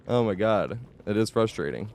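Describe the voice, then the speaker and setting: Lively, excitable man streaming a game. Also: medium pitch, brisk. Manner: excitable, yells at the game then apologizes; chatty, thanks viewers for follows. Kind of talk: live gameplay commentary.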